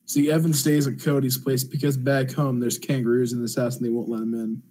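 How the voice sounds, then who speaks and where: A man's voice: medium pitch, level tone, a little fast, warm tone. A young man hosting a casual comedy podcast, joking around with friends. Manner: joking, puts on silly voices. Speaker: podcast host.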